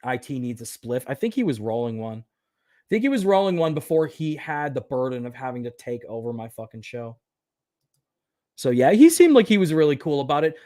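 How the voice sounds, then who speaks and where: A man's voice: a little high, sing-song, fairly quick, mellow, no room sound, studio quality. A man hosting his own livestream aftershow, chatting casually, swearing often and poking fun at himself while reading viewer comments. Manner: profane, self-deprecating, rambling; reads viewer comments aloud. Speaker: livestream host. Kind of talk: casual solo livestream chat.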